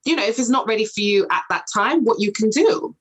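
Animated woman in casual chat. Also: fairly quick, poor audio. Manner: animated, acts out past conversations in a higher voice. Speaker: podcast guest.

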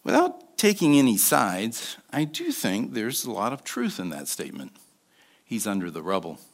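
A man in his sixties preaching as a guest speaker, telling a personal story with soft asides and emphatic bursts. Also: fairly low pitch, wildly swooping pitch, normal speed, vocal fry. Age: 60s. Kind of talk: sermon.

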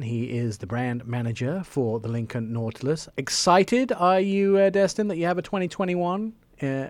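A man's voice: mid-range voice, a little mellow, no echo. A man hosting a radio show, chatting casually and enthusiastically, with jokey asides.

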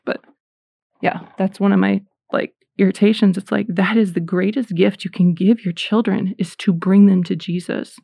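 Casting: middle-aged woman, casual faith podcaster, gravelly edge, dry close sound. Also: medium pitch, dry recording. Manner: chatty, animated, self-deprecating. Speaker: Christian podcaster.

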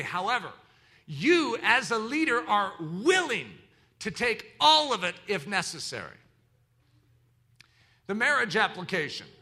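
A man's voice: high-pitched, pushed and bright. A man preaching a sermon as pastor, teaching in an emphatic, preacherly way.

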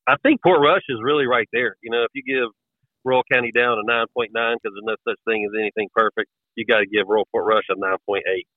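A man's voice: medium pitch, steady tone, fast, no echo. A man from West Virginia with an Appalachian accent, chatting casually as a guest and telling rambling, folksy stories. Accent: Appalachian American. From West Virginia, USA. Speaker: podcast guest. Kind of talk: casual chat. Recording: tinny phone-like line.

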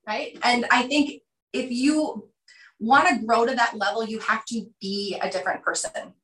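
A woman in her thirties, a podcast guest talking through ideas and acting out quotes in animated storytelling. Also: fairly high pitch, moderate pace, reverberant, slight background noise, rough recording. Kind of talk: conversational interview.

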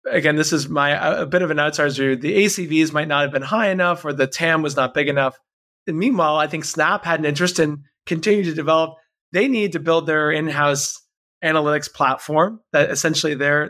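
A man talking as a podcast guest, telling a convoluted business story quickly and animatedly, with many restarts. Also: fairly high pitch, pushed and bright. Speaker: podcast guest, tech company founder. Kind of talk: casual interview chat.

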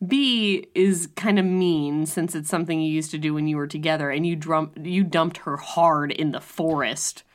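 A woman co-hosting a podcast, chatting casually and telling anecdotes. She is wry and quick to criticize, and her voice sits a little low for a woman. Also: fairly even intonation. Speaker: podcast co-host.

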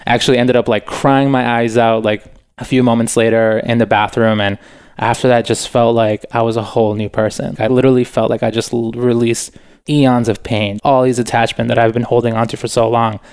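A young man talking as a guest in a relaxed, earnest way, full of "like" and "you know" fillers. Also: mid-range voice, brisk, smooth. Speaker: podcast guest, author. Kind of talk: casual interview chat.

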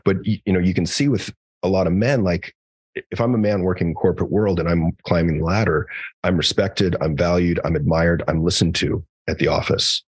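A psychologist guest on a podcast tells stories conversationally, acting out quoted dialogue and swearing now and then. His low, husky voice is fairly quick and even in intonation, full of fillers and restarts, with no echo.

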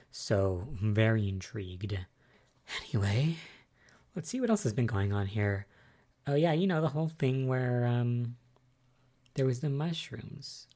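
Rambling, mellow-voiced soap recap host. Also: medium pitch. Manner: rambling, musing aloud, many fillers; excitable and spoiler-wary. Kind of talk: casual solo recap chat.

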